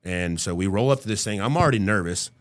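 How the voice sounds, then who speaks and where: Low-voiced middle-aged man telling a story. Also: lively intonation, fast talker. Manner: vivid storyteller who acts out the people he quotes; casual and profane. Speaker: podcast guest. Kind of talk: casual storytelling in an interview.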